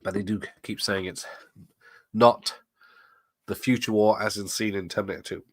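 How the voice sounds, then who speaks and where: A man's voice: on the low side, fairly even intonation, moderate pace, dry recording. A middle-aged man hosting a watch party, chatting casually, laughing often and wandering into asides while he reads the chat. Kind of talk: casual live commentary reading chat.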